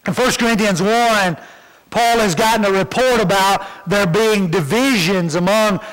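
Preacher, male, high-pitched, unhurried, folksy, church hall reverb. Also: fairly bright tone. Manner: folksy, repeats words when starting sentences. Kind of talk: sermon.

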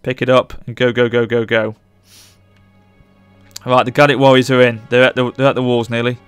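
A man commentating live on his strategy game as he plays, urging his units on and reacting loudly to the battle. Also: mid-range voice, moderate pace, clear, resonant tone, no room sound, faint music behind. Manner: urgent, excitable, barks orders at units. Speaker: gaming channel host.

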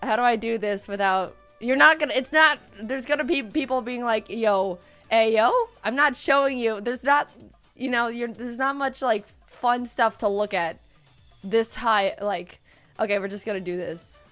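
A woman streaming live in casual chat, hoarse and worn out, giggly and excitable, often repeating herself. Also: on the high side, normal speed, soft background music.

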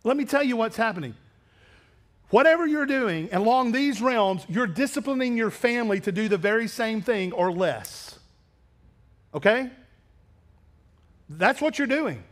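Male pastor, high-pitched, preaching bluntly to a congregation. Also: animated, measured pace, pauses often. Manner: blunt, confrontational preaching that drops to quiet asides. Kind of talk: sermon. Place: church sanctuary.

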